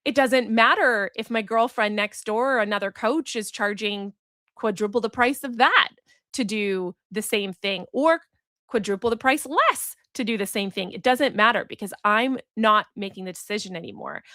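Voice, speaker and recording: A woman's voice: medium pitch, pushed and bright, dry recording, clean studio sound. A woman hosting a solo podcast, telling a story in an earnest, reflective way and acting out the voices she quotes. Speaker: podcast host and business coach.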